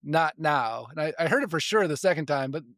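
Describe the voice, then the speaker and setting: Relaxed man recounting stories, dry sound. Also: fairly high pitch, racing, no echo. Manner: frequent restarts and repeated words; chuckles between sentences. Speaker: podcast guest, spiritual development coach. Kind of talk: casual storytelling in conversation.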